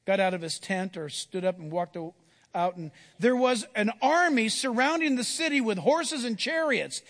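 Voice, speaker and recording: A man preaching a sermon, telling Bible stories with animated delivery and acting out the characters' voices. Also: high voice, moderate pace. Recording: long hall reverb.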